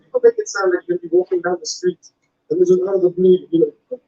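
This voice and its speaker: A South African man performing a stand-up comedy set, telling stories in an animated way, on a dull lo-fi recording. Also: fast talker, creaky. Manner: animated storytelling, lively pitch swings.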